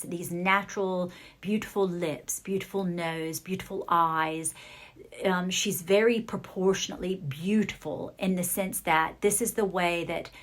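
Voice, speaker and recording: Hesitant woman giving a psychic reading. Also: fairly low pitch. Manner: hesitant, relaying what she hears in bursts. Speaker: psychic reader.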